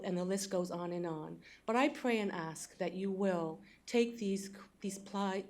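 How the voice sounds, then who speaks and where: A woman who is a sociologist testifies at a public hearing. She speaks in an earnest, imploring way, at a middle pitch. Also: a little mellow.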